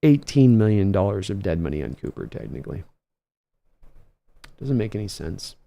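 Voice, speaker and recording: A man's voice: lowish voice, sing-song, moderate pace, vocal fry, dark tone. A man hosting a casual livestream, chatty, reading viewer comments aloud and chuckling often. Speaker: host.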